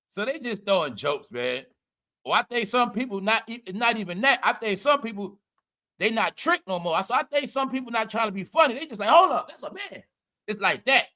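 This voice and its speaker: Guy on a livestream going off, high bright voice, cussing and cracking up. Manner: loud, laughing, profane, repeats "all right?". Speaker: commentary livestream host. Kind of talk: casual livestream commentary.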